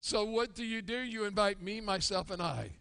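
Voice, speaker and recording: A man preaching a sermon as pastor, acting out grumbling churchgoers in an animated way. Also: high voice, normal speed, creaky, clean tone. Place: church sanctuary. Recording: long church hall reverb.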